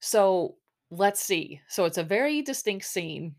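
A woman's voice: mid-range voice, big pitch swings, measured pace, gravelly, a little mellow. A woman hosting a podcast, recapping a reality dating show episode in a rambling, casual way full of fillers. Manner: chatty, rambling, lots of "like" and "um". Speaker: podcast host.

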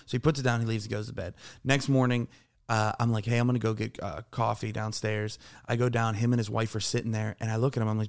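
A man's voice: mid-range voice, fairly quick. A man in his thirties telling a long, rambling, profane story on a casual podcast, laughing along as he goes. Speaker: podcast co-host.

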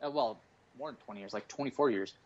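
A man's voice: medium pitch, fast, darkish tone, lo-fi sound. A man in his forties, a stand-up comedian, chatting casually on a podcast, rambling and swearing through jokey stories. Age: 40s. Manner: profane, rambling, jokey storytelling.

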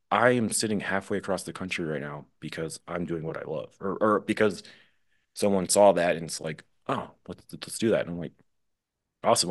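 A young man from the Midwest, a drummer chatting as a podcast guest in a relaxed, rambling way. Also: deep voice. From Midwest USA. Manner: relaxed, rambling, laughs easily. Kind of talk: casual podcast chat.

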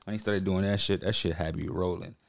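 A man's voice: sits low, steady tone, fairly quick, vocal fry. A man hosting a podcast, reacting to clips in casual, slangy, profane talk. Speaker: podcast host.

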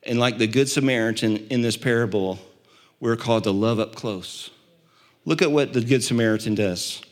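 A man preaching a sermon as pastor, building to impassioned peaks and dropping to quiet, low stretches. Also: moderate pace. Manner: impassioned preaching, swelling louder and higher at peaks.

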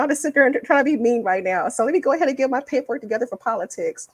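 A woman guest co-host in a casual podcast chat, speaking warmly and from the heart. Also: a little high, big pitch swings, fast, hardly any pauses.

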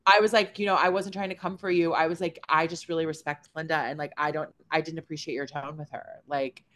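A woman co-host with a bright, forceful voice that sits a little low, talking bluntly in casual chat. She is chatty and swears without a second thought. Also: steady tone, fast talker. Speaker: podcast co-host.

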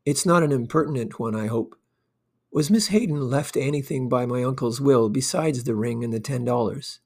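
A man voicing a careless, light-hearted young gentleman who talks in a cheerful, airy way. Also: mid-range voice, normal speed, lightly acted.

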